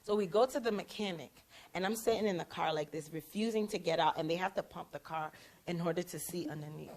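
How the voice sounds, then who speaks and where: A young woman host telling a personal story in casual chat, acting out the quoted lines with lively emphasis. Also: fairly low pitch, fast. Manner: animated, acts out quoted lines. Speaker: prophetess and show host.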